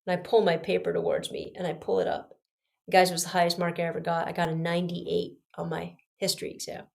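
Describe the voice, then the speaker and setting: Speaking fast in a lowish, gravelly voice, a podcast host recounts something from her own life. Her delivery is lively and emphatic, jumping from loud, punchy statements to quiet asides.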